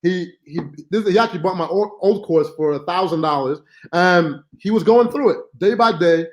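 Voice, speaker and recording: Man, high voice, chatty, rambling, casual live-stream class host. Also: normal speed, muffled recording. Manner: chatty, rambling, many fillers and asides. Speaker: online marketing course host.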